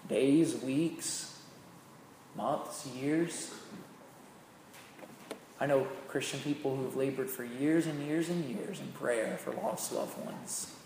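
Male preacher, sermon, loud emphatic peaks, hushed slow passages, echoey hall, faint background noise. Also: medium pitch.

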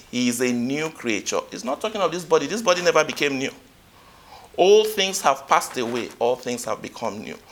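A male preacher delivering a sermon in a bright, ringing voice. His pitch leaps and falls, with loud emphatic peaks and quiet asides. He asks the congregation questions and reads scripture aloud. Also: slight background noise.

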